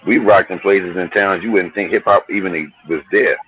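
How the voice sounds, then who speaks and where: A man's voice: low voice, steady tone, moderate pace, phone-quality sound, a little hiss or hum. A middle-aged man from New Jersey, a hip hop artist telling stories in a laid-back, slangy, profane way. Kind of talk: casual storytelling interview.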